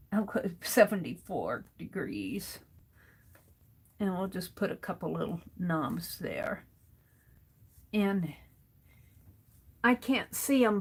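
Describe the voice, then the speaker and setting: Talking to herself while she draws, a middle-aged woman narrates her sketching for an art vlog, slowly pondering what to draw next. She has a husky voice that sits on the low side.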